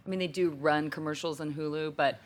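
A speaker in casual podcast chat, lively and jokey, quick to laugh. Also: mid-range voice.

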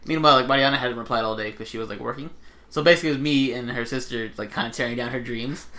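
A young man hosting a casual podcast, telling a story in an animated way, mimicking others in high voices and swearing freely. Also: rapid-fire, a little hiss or hum. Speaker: podcast host.

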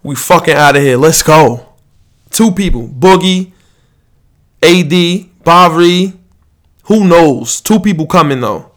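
A man's voice: a little high, unhurried, fairly bright tone. Podcast host, man, New York accent, casual profane sports rant, frequent restarts. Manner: profane, rambling, restarts often.

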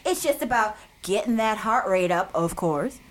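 A woman's voice: mid-range voice, expressive, moderate pace. A woman co-hosting a casual comedic podcast, blunt and playful, laughing often. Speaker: podcast co-host.

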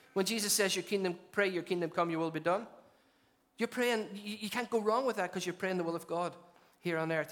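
A man's voice: high voice, fairly bright tone. A man preaching a sermon as lead pastor, emphatic and rousing, often repeating and restarting his phrases. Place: church venue.

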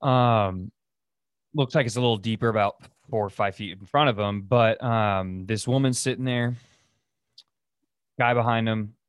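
A podcast host with a lowish, clear, resonant voice speaks a little slowly, leaving long pauses; the recording is dry, clean studio sound. On his casual solo show he rambles through stories, using many fillers and restarting often.

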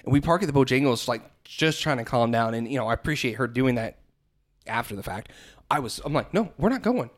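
A man telling a story in casual chat, animated and self-mocking, acting out what he said. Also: mid-range voice, brisk. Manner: animated, self-mocking, acts out his own quotes.

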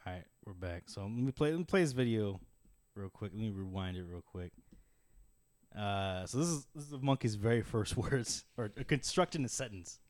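A man's voice: on the low side, animated, moderate pace, a little mellow, no echo, studio quality. A man co-hosting a casual podcast who talks loosely and swears freely. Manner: casual, swears often, laughs between phrases. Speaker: podcast co-host. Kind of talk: casual chat.

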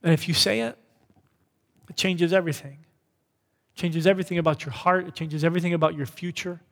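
A man's voice: a little high, steady tone, fairly quick, in a large hall. A man preaching a sermon as pastor, in a conversational way, often checking in with "right?". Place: church hall.

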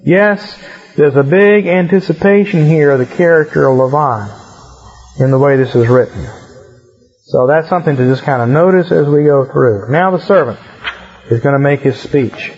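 A man reading scripture aloud and breaking off to explain it in relaxed, casual asides, as a Bible teacher, in a muffled lo-fi recording. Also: fairly high pitch, moderate pace. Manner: reads verses, then explains in relaxed asides.

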